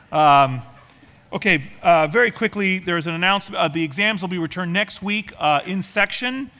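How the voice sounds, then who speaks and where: A male professor giving a university lecture to a class, talking quickly and informally with frequent ums and uhs. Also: high-pitched, pushed and bright. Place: lecture hall.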